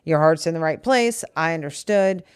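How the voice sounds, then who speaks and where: A woman with a deep, clean voice and a moderate pace co-hosts a podcast with her partner. The two have a candid talk about a disagreement, with her explaining earnestly and at length, often starting over. Clean studio sound, no echo.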